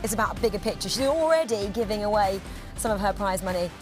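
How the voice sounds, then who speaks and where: A woman giving relaxed, conversational studio analysis. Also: mid-range voice, fast, over music. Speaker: pundit.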